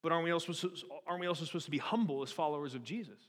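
A man preaching a sermon in an animated way, firing rhetorical questions at the congregation. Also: fairly high pitch, rapid-fire. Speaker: pastor. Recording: long hall reverb.

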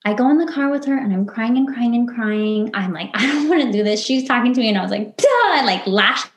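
A woman's voice: fairly high pitch, quick pace. A woman, a podcast guest, telling a personal story in conversation and acting out her past self and others in quoted lines. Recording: roomy echo.

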